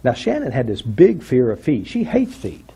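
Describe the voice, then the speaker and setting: A man's voice: medium pitch, wildly swooping pitch, normal speed, creaky, warm tone, husky. A man telling a personal story to an audience, acting out what people said and asking the audience questions. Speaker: workshop speaker.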